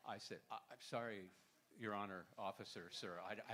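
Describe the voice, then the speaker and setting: A man telling a wry, halting anecdote at a memorial gathering. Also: lowish voice, fairly bright tone, slight background noise. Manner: wry, anecdotal, with stammering restarts. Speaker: memorial speaker telling a story. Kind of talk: storytelling at a memorial. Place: event hall with audience.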